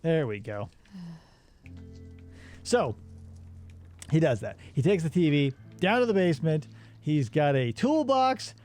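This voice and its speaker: A man's voice: on the high side, a little slow, pauses often, soft background music. A man casually recapping a movie while he works, acting out the characters' lines. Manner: animated storyteller, acts out the characters' lines. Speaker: podcast co-host.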